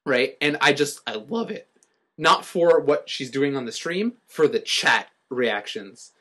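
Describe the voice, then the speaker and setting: A young man in casual chat, telling a story in an animated way with frequent fillers. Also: mid-range voice, measured pace.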